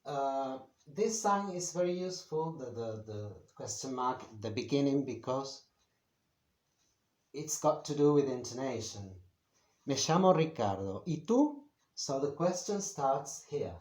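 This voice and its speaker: A man's voice: mid-range voice, lively intonation, darkish tone. Patient male teacher, at a board in a roomy, echoing room. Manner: slow, patient, with many pauses and fillers. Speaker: Spanish teacher. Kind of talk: beginner language lesson at a whiteboard.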